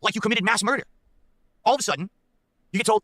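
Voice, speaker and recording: High-voiced fast-ranting man. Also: pushed and bright, dry recording. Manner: emphatic, keeps checking in with the audience. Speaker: online streamer. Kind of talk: ranting monologue to viewers.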